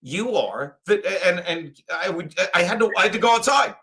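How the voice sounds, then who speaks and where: Loud crude fifties man, high bright voice. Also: brisk. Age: 50s. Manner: crude, rambling, loud storytelling. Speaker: stream host. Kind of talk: casual sports watchalong chat.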